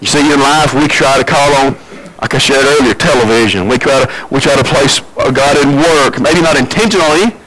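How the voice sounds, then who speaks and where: A man preaching a sermon, telling the story with big swings between loud and quiet and repeating phrases for emphasis. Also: medium pitch, a little fast, rough recording.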